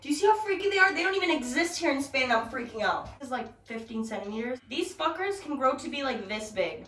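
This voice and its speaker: A young woman vlogging at home in a blunt, profane, animated rant, recorded from a distance with background music. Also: high-pitched, fast. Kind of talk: casual rant to camera. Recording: roomy, distant from mic, music behind.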